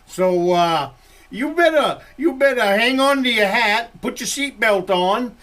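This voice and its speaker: An older Maine woodsman tells rambling campfire-style stories in a folksy, chuckling way. His voice is high for a man and his pace is slow and drawn out, with a thick Maine accent. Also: expressive, fairly bright tone. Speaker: woodsman vlogger. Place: log cabin.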